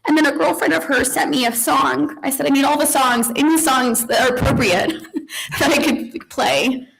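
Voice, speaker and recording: A woman in her forties, a grieving mother giving a eulogy at a funeral home, halting with soft laughs, sighs and restarts. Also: high voice, gravelly, poor audio.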